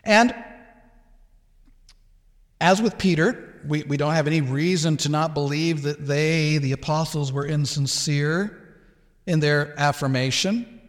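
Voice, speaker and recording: A man's voice: a little high, a little slow, long pauses. Emphatic male pastor in reverberant church. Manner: emphatic, acts out Peter's protests. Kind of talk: sermon.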